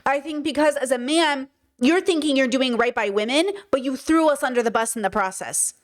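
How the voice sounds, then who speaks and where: A woman's voice: high-pitched, fairly quick. A woman hosting a reaction commentary video, talking bluntly and emphatically, with frequent swearing.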